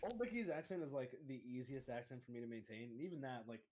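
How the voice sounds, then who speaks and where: A woman's voice: very deep voice, animated, fast, darkish tone. A woman chatting casually on a stream, teasing and laughing often. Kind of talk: casual chat.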